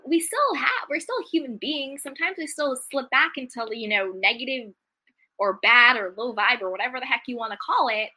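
Woman doing a self-help talk, bright clear voice, encouraging, says the main points over and over. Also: a little high. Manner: encouraging, repeats key phrases, speaks straight to listeners.

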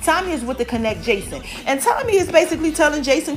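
A woman giving a casual, animated recap of a TV episode, talking straight to her listeners and acting out the characters' lines. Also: faint music behind. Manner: chatty, animated, addresses listeners as y'all; acts out characters' lines with quick pitch jumps. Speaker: TV recap host.

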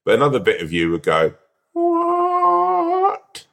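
A man's voice: on the low side, lively intonation, fairly quick. A man rambling in casual podcast chat, peppered with fillers and laughter. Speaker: podcast co-host.

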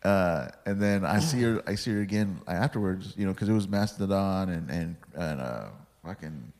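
A man's voice: sits low, moderate pace, a little mellow. A young man chatting casually, telling a story in a loose, rambling way with lots of swearing. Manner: rambling, laid-back, swears a lot. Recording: long hall reverb.

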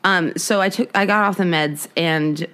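Young woman podcast cohost, low voice, rambly and candid, swears a lot. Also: moderate pace, fairly bright tone. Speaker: podcast co-host. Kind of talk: casual chat.

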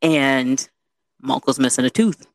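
Young adult woman, lively casual storyteller, dry untreated sound. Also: a bass voice, measured pace, no room sound. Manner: animated, chatty, peppered with "you know".

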